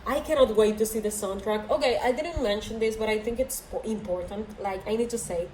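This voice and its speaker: A young woman ranting excitedly about a book series on her vlog, rambling and gushing with lots of fillers. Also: mid-range voice, a little fast, slight background noise. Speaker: book vlogger. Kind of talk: excited casual rant. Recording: echoey room with faint ambience.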